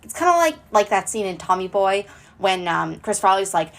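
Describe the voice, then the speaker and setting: Woman podcast host, rambly and jokey, says like constantly, kinda gravelly. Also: mid-range voice, big pitch swings, normal speed, fairly bright tone. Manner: rambling, jokey, heavy use of "like". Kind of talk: casual podcast talk.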